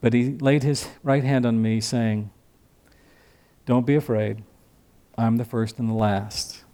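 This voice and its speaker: A man's voice: medium pitch, fairly even intonation, slow, mellow, clean tone. An older man preaching a sermon as a pastor, teaching from scripture in a conversational way and asking the congregation questions.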